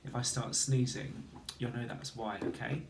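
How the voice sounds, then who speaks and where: A man's voice: mid-range voice, fairly even intonation, normal speed, echoey room, a little hiss or hum. A man teaching a phonics lesson to children, counting to three and sounding out letters one by one. He mentions having hay fever. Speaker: primary school teacher.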